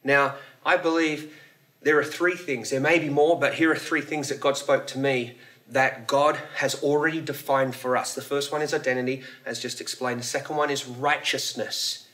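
A man's voice: medium pitch, steady tone, normal speed, fairly bright tone. A male pastor giving a casual, conversational sermon at a church service. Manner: casual, conversational preaching with fillers.

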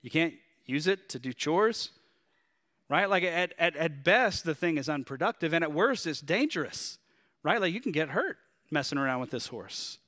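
Southern guy preaching, kinda high bright punchy voice, talks casual, lots of questions. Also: moderate pace. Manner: conversational and animated, with rhetorical questions. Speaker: pastor. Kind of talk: sermon.

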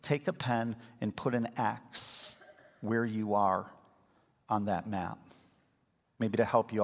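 A man preaching a sermon as a pastor, telling the story with lively energy and acting out the voices of the people in it. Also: fairly low pitch. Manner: lively storytelling, acts out quoted speakers. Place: church sanctuary. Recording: long hall reverb.

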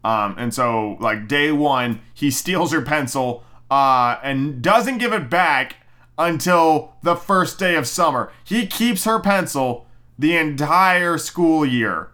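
On the high side and animated, this host speaks slowly in a pushed, bright voice during his solo movie review. He wanders and swears, full of ums and restarts, and jokingly mocks characters by doing their voices.

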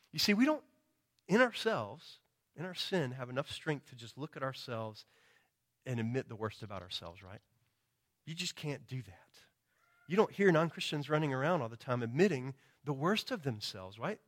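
A pastor preaching with an emphatic, questioning rhythm and a fairly high voice for a man. He keeps asking his listeners "right?" and acts out quoted prayers and excuses in a higher tone. A chesty cough shows through now and then. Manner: emphatic, rhetorical, often asks "right?"; acts out quoted confessions in a raised pitch. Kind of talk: sermon.

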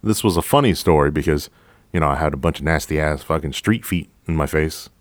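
A man hosting a podcast, a police officer telling a story from the job in a profane, animated way, acting out both sides of the dialogue. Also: extremely low pitch, a little fast, dry recording. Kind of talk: storytelling monologue.

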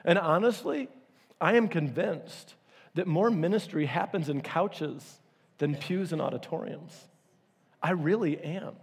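A male pastor delivers a sermon in a church auditorium, his voice a touch high and slightly husky. He tells stories animatedly, acting out quotes with sudden leaps in pitch. A long reverb from the hall trails every phrase. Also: measured pace.

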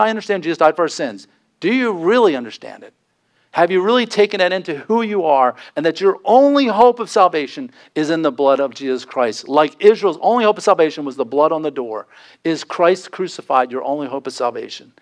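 Earnest pastor preaching. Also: male voice, expressive, fairly quick. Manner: earnest, pleading, rises in pitch for emphasis. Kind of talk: sermon.

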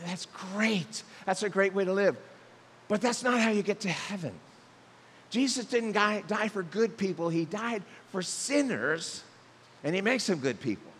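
A man's voice: high voice, fairly bright tone, in a large hall. A man preaching a sermon as pastor, telling stories with animation and acting out the voices of the people he quotes.

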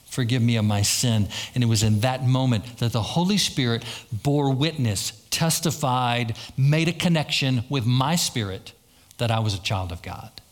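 Pastor preaching a storytelling sermon. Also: male voice, medium pitch, lively intonation, moderate pace. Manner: storytelling with acted-out quotes and repetition.

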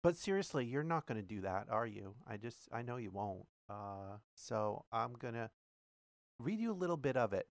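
A man's voice: mid-range voice, big pitch swings, normal speed, vocal fry, no echo. A man hosting a podcast, talking casually with many fillers and reading a passage aloud. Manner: chatty, many fillers and restarts. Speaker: podcast host.

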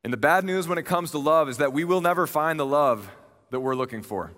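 A man's voice: on the high side, animated, a little fast, fairly bright tone. A young man preaching a sermon in a conversational, earnest way, retelling a story with animation. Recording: long reverb of a large hall.

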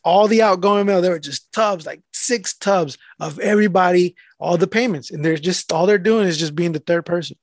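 Guy with a pretty high voice, rambly mailman story, dry close mic. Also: moderate pace, few pauses, no echo. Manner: rambling storyteller, swears freely. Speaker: mail carrier telling a story. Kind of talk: casual podcast chat.

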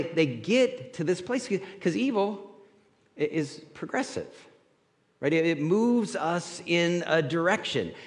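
Lively male pastor in a reverberant hall. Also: fairly high pitch. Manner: animated storytelling with frequent "right?" asides. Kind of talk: conversational sermon with scripture reading.

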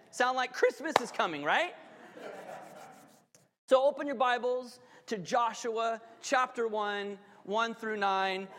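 Male pastor, sermon, playful asides, high voice, long hall reverb. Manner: lively, joking asides to the congregation. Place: church hall.

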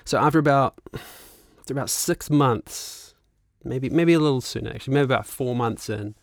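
A man in his thirties with a New Zealand accent, telling a long casual story as a podcast guest, animated, laughing and swearing freely. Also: medium pitch, moderate pace, no room sound, clean studio sound. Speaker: guest musician and actor.

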